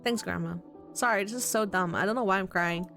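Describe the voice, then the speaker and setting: A woman's voice: mid-range voice, a little fast, gravelly, fairly bright tone, faint music behind, voice pushed down. A woman voicing an earnest, worried young man in a visual novel. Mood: upset. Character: earnest, anxious young man in his twenties.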